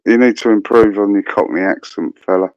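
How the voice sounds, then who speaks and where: A man's voice: lowish voice, a little fast, no echo, muffled recording. A man on a livestream panel, dismissive and irritated. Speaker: panel guest.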